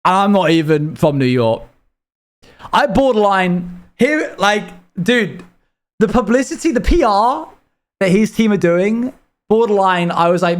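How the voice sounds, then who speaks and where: A man's voice: sits high, animated, a little slow. A British man from the UK chatting casually on a live stream, rambling as he reads chat messages aloud and answers them. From United Kingdom.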